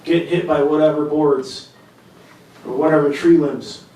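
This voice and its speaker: A man working through a stand-up set, rambling and self-deprecating, often tripping over his own words. His voice sits a little high. He sounds distant from the mic in a roomy, echoing comedy club, with a faint hum of ambience behind him. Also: fairly even intonation, unhurried, dark tone. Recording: echoey club sound from far off.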